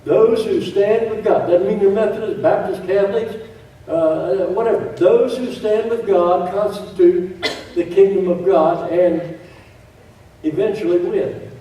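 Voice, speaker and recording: Male preacher, sermon, mellow voice, distant mic, booming church echo. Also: steady tone, measured pace. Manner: emphatic, repeats key phrases, joking asides. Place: church sanctuary.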